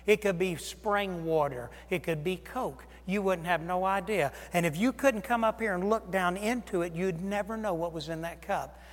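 Male preacher, higher voice, dramatic sermon delivery with loud and hushed swings, reverberant sanctuary sound. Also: moderate pace, hardly any pauses. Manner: animated, acts out voices of Jesus and disciples, swings loud and soft.

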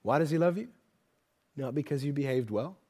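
A man with a slightly high voice preaches a sermon in a church. He drops to soft, close asides and then climbs into loud, emphatic declarations. He keeps asking the listeners questions. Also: animated, fairly quick. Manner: asks the audience rhetorical questions.

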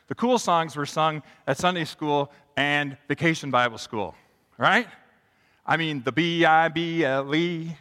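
A middle-aged male pastor preaching to a congregation, his voice pitched high and bright with a forceful edge. He keeps swinging his pitch and volume to act out the lines he quotes. The sound rings with the long reverb of a church sanctuary. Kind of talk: sermon.

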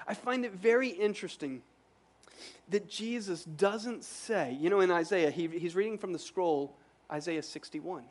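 Male pastor, high pitch, earnest sermon delivery with emphatic repetition. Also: animated, normal speed.

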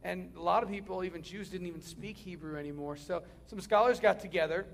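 A male preacher with a high, gravelly voice delivering a sermon. He is dynamic, pushing hard on key phrases and then dropping to a hush. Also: a little fast. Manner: dynamic, swings from loud emphasis to hushed near-whispers.

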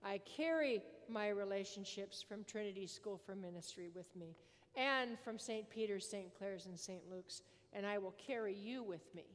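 A woman's voice: mid-range voice, normal speed. A woman priest giving a sermon in an earnest manner, leaning on repetition for emphasis, in a large church. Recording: long church reverb.

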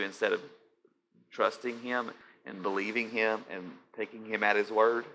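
Guy giving a chatty sermon, low-ish voice but bright and tense, faint room noise. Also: moderate pace. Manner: animated, conversational, addresses listeners directly. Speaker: preacher.

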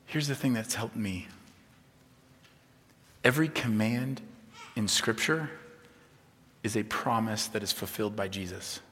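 A man preaching a sermon as a pastor, conversational and humorous, swinging from soft to emphatic. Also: fairly low pitch, measured pace, long pauses, a little hiss or hum. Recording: long reverb of a large hall.

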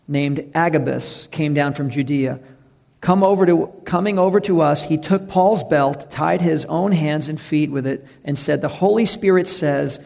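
A male pastor preaching a sermon, stressing key words slowly and acting out quoted voices. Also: fairly high pitch, gravelly, darkish tone. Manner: preaching with emphatic slow stresses and acted-out quotes.

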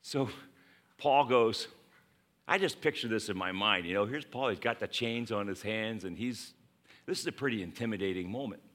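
Guy preaching casually, bright voice, acts out scripture bits. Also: on the low side, moderate pace. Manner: conversational, animated preaching with laughs. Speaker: pastor. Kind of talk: sermon.

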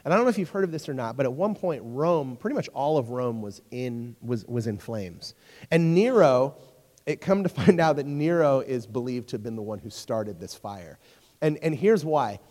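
Young male youth pastor, mid-pitched, chatty storytelling sermon style, hall reverb on the mic. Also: moderate pace. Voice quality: storytelling, jokey and animated, talks to crowd. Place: church hall.

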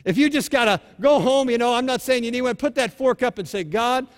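A male pastor preaching a sermon in an animated, exhorting way, acting out scripture scenes as he goes. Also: very high voice, brisk, in a large hall.

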